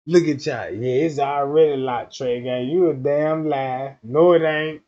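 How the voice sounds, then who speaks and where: A man hosting a livestream, ranting crudely and loudly for laughs. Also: mid-range voice, unhurried, dull audio. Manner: loud, animated, profane, often laughing. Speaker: livestream host. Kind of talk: crude comedic rant.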